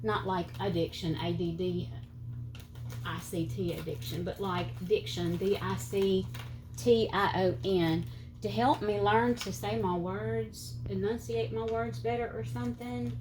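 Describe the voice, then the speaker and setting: A woman's voice: medium pitch, steady tone, a little slow, background noise. A middle-aged woman with a Southern US accent, chatting casually and rambling as she decorates her planner, with slightly slurred speech, sometimes counting under her breath. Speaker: planner channel host. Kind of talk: casual chatty crafting vlog.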